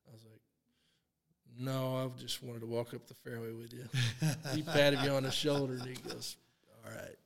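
A man in his sixties, a guest telling a lively story in a casual interview, acting out what people said and laughing often. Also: mid-range voice, moderate pace, vocal fry, in a large hall. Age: 60s. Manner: animated storyteller, acts out quotes, laughs often. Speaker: guest, long drive champion.

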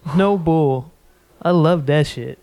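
A young man hosting a casual podcast chat, excitable and quick to laugh. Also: on the high side, a little hiss or hum. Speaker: podcast host.

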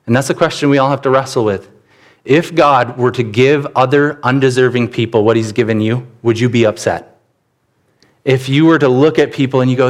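A man preaching a church sermon, telling stories with sudden bursts of animation. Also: moderate pace. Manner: animated storytelling with sudden rises in pitch. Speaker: pastor.

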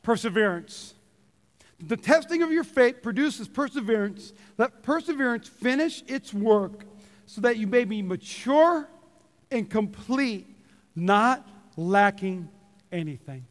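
A man preaching a sermon, animated and joking, calling out to the congregation. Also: sits high, slow. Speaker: pastor. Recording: long hall reverb.

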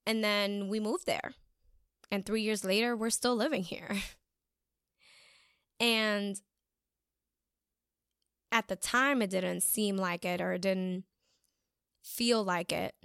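A young woman shares a personal story in a casual, rambling monologue, full of fillers and quoted asides. Her voice is smooth and clear. It is recorded dry and close, with no room sound. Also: mid-range voice, fairly even intonation, slow, long pauses, a bit bright, no room sound. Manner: chatty, storytelling with many fillers and acted-out quotes. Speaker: speaker sharing a life lesson.

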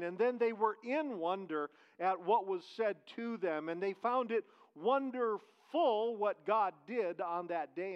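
A man's voice: high voice, clear, resonant tone. A man, preaching a sermon as pastor in a conversational way, with restarts and rhetorical questions. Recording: dull, lo-fi church recording.

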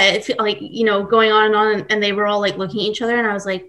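A woman's voice: mid-range voice, flat delivery, very fast, fairly bright tone. Chatty woman in her 30s, american accent w a bit of scottish, podcast guest. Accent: American, with a light Scottish trace. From Scotland, raised in Austin, Texas. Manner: chatty storyteller, many fillers. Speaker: guest, baker. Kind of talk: casual podcast interview.

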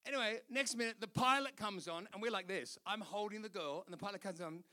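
A man's voice: sits high, fast talker. A man with an Australian accent preaching a sermon, telling stories with laughter and acted-out voices. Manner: animated storytelling, laughing, doing voices. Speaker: pastor.

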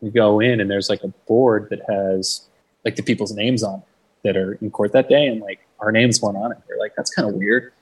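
A man's voice: lowish voice, steady tone, a little fast, slightly rough, distant mic, poor audio. A young man telling a story in a casual interview. He swears freely, fills his talk with "like", and acts out the voices of the people he quotes. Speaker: guest. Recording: mic set back from the speaker.

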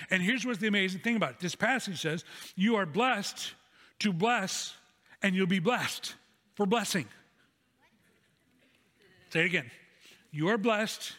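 A man's voice: high-pitched, a bit bright. A man preaching a sermon as pastor, earnest and telling stories, repeating key phrases for emphasis. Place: church sanctuary. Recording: long hall reverb.

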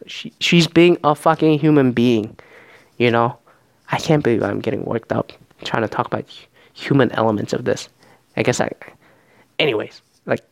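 A man casually recapping a reality show in a profane, sarcastic, animated rant. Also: mid-range voice, no room sound.

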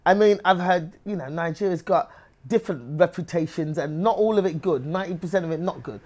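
Woman, English accent, comedian, interview guest, animated storytelling. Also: on the low side, brisk. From England. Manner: animated, acts out other people's voices in her stories. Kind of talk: lively interview conversation.

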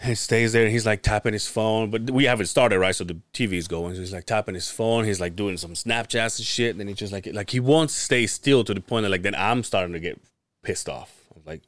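A man's voice: fairly low pitch, brisk, no echo, studio quality. A man on a podcast telling a story in casual chat, swearing freely and acting out what people said. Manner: animated, profane, acts out quotes. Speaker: podcast host.

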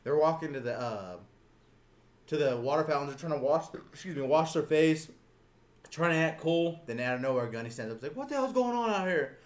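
A man's voice: on the high side, a little fast. A young man casually telling a story to friends, swearing freely and acting out voices with laughter. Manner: animated, swearing, acts out voices loudly while laughing.

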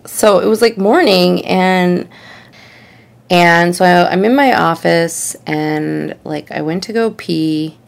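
A young woman tells a funny personal story in a lowish, gravelly voice, speaking slowly. Her casual comedic storytelling is chatty and rambling, full of "like" and "you know."

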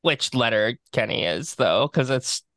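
Bright-voiced laughing man co-host. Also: mid-range voice, lively intonation, a little slow, no echo. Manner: laughs often, loose and rambling. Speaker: podcast co-host. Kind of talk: casual chat.

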